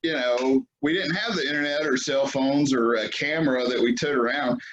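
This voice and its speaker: A man's voice: mid-range voice, moderate pace, a bit bright, muffled recording. A man hosting a podcast in casual chat, rambling with many fillers and restarts. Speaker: podcast host.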